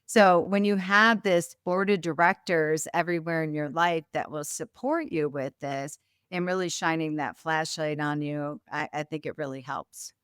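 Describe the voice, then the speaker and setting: Lively storytelling woman, low and smooth. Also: moderate pace, no echo, clean studio sound. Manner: animated storyteller, acts out quoted voices. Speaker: guest, business founder. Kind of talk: casual interview chat.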